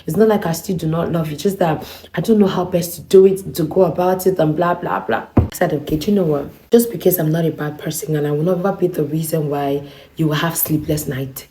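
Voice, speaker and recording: A woman's voice: deep voice, fairly even intonation, a little fast, warm tone, slight background noise. A young woman vlogger telling a personal story to her viewers, acting out both sides of a quarrel. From Nigeria. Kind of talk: storytelling to camera.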